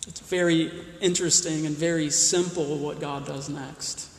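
A man's voice: fairly high pitch, steady tone, normal speed, a little hiss or hum. A man preaching a sermon, emphatic, often repeating and restarting words as he stresses his points. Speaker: pastor. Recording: roomy hall with long reverb.

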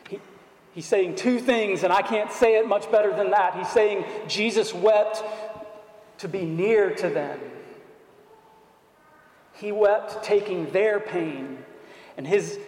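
Preacher, man, high-pitched and unhurried, earnest sermon in a big reverberant hall. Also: a little mellow. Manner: earnest, deliberate, rhetorical questions. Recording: echoey hall.

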